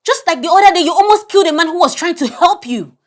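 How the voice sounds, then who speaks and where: A woman's voice: very high-pitched, expressive, fast. An actress playing a firm woman counselor at a rehab center who scolds and questions a troubled girl in a film drama. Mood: stern.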